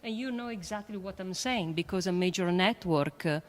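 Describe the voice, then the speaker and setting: A woman with a French accent, a panelist and astrophysicist, speaking earnestly and emphatically with many halting fillers in a panel discussion. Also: on the low side. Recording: long hall reverb.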